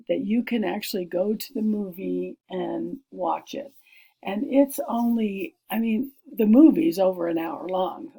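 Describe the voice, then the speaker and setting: A woman's voice: medium pitch, vocal fry, warm tone, husky, poor audio. A woman teacher reading a screenplay aloud to young pupils and explaining it step by step, with many fillers and asides.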